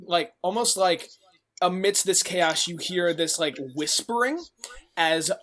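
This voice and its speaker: Man game master, slightly high voice, rambling narration full of fillers. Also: a little slow, a bit bright.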